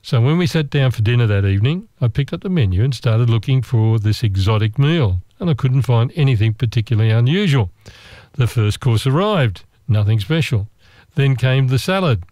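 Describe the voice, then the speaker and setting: An Australian man telling a travel story in a relaxed, meandering, chatty way, with asides and restarts. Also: medium pitch, moderate pace, no room sound. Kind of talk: relaxed travel anecdote monologue.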